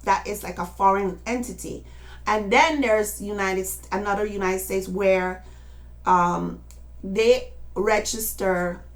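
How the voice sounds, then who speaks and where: An older woman speaking in a casual, rambling monologue, talking straight to her listeners in an insistent way. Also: medium pitch. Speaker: speaker addressing followers.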